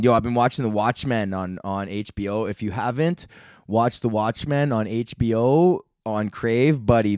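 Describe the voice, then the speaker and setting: A man's voice: mid-range voice, darkish tone, dry recording, studio quality. A young man hosting his own comedy podcast, rambling in a laid-back, profane, slangy way. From Canada. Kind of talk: casual solo rant.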